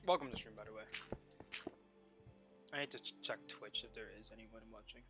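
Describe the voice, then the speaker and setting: A young adult man talking casually on a live stream while gaming, rambling and animated, full of "like" and stop-start restarts. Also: lowish voice, a little fast, over music. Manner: rambling and animated, heavy use of "like" and repeated restarts.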